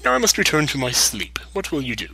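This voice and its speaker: A man voicing a wise, gentle old male sage who speaks in a solemn, measured way. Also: medium pitch, huge pitch swings, creaky, breathy edge, voice pushed up, exaggerated voice, low-quality recording.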